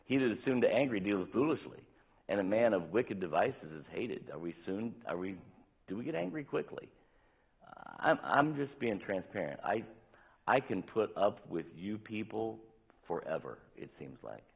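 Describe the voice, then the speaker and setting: A man's voice: lowish voice, expressive, moderate pace, gravelly, slightly rough. A middle-aged man preaching a sermon as pastor, candid and conversational, acting out little quoted asides to make his points. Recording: tinny phone-like sound.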